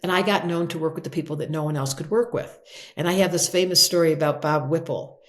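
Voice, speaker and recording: An older woman, an astrologer guest in an interview, telling stories expressively and acting out quotes in brighter voices. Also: sits low, fast. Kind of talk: animated interview storytelling.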